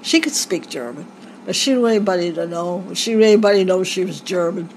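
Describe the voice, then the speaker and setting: A woman's voice: on the low side, expressive, quick pace, a little mellow, slight background noise, low-quality recording. An older woman recalling her family's past in a rambling way, with frequent stops and restarts. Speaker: interviewee. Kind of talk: family oral history recollection.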